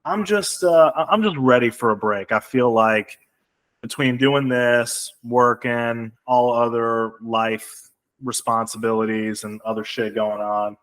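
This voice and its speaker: A man with a mid-range voice co-hosts a relaxed podcast chat. He rambles in a laid-back way, leaning on fillers and dropping casual curses as he talks. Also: mid-range voice, a little slow. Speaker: podcast co-host.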